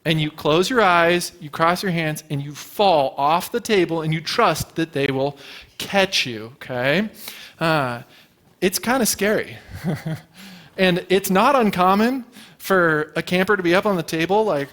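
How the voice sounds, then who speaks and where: A male pastor gives a relaxed, conversational sermon in a church, speaking in a voice pitched a little above the usual. He tells stories and keeps asking the room questions in a loose, informal way. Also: measured pace. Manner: informal and storytelling, with fillers and rhetorical questions. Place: church sanctuary before a congregation.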